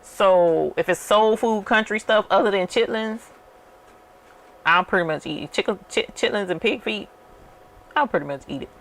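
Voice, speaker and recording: A woman's voice: medium pitch, moderate pace, fairly bright tone. A woman, chatting casually and telling rambling stories to her viewers while she works. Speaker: channel host. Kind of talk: casual chat while working.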